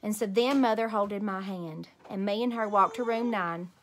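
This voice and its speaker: Female teacher, children's read-aloud, gentle animated bedtime delivery. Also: medium pitch, normal speed.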